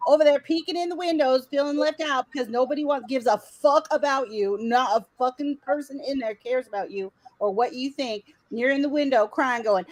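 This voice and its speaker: A high-pitched woman gives sarcastic commentary on a clip. She is blunt and profane, and she mocks the streamer she is watching. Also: brisk, few pauses, darkish tone, no echo, poor audio. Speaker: channel host.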